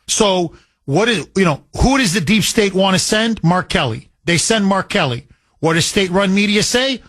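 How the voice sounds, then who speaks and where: A male talk radio host with a high, lively voice that swings up and down as he pushes his points. He is combative and repetitive. His sound is dry and close. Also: no room sound.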